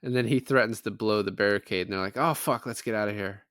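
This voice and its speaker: A man with a low voice chats casually through a film recap. He tosses in quick voices for each character. The sound is dry and close-miked. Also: dry recording. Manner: animated retelling, quoting characters in offhand voices. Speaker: podcast co-host. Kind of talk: casual chat.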